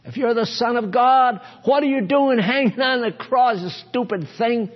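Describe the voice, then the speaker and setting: A man's voice: very high voice, normal speed, big-room sound, voice pushed up. A preacher voicing a mocking, scornful male tempter who goads and taunts the faithful. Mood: taunting. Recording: dull lo-fi recording.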